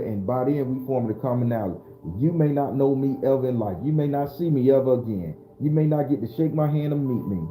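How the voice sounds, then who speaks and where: A man's voice: mid-range voice, a little fast, hardly any pauses, mellow, reverberant, faint music behind. A man hosting a casual live-streamed spiritual talk, loose and preachy, speaking straight to his viewers. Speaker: spiritual livestream host.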